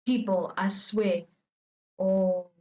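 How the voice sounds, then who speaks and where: A woman's voice: medium pitch, fairly even intonation, drawn-out words, mellow, poor audio. A woman reading online stories aloud in casual commentary, chatty and talking straight to her viewers, working herself up into a rant. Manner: chatty, talks straight to viewers, gets worked up and ranting.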